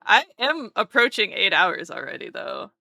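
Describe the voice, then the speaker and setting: A woman's voice: mid-range voice, very animated, moderate pace, vocal fry, sharp tone, no echo, clean studio sound. A woman streamer chatting casually with her live chat while drawing, playful and teasing, often repeating words.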